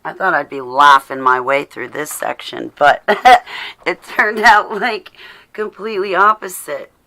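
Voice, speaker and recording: Low, gravelly woman, halting and emotional. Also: steady tone, bright, forceful tone. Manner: halting and apologetic, with many fillers and pauses. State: emotional, near tears. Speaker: livestreamer reading her own writing. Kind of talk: casual livestream talk.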